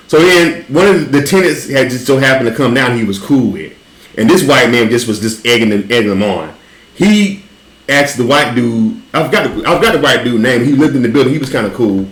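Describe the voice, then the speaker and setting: A man with a Southern accent hosting a casual chat, telling an animated, profane story and laughing often. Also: mid-range voice, fairly quick. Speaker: podcast host. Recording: roomy echo.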